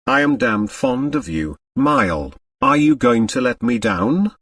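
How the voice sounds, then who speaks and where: A man's voice: mid-range voice, big pitch swings, unhurried, a bit bright, no room sound, recorded from a distance, full character voice. A man voicing a debt-ridden, blunt and bitter Englishman, recorded dry from off the mic. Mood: pleading.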